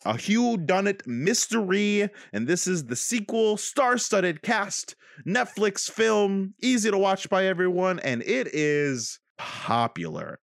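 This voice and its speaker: A man co-hosting a casual podcast, animated and laughing often, swearing freely as he chats. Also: sits high, slow pace, gravelly, no echo, studio quality. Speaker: podcast co-host.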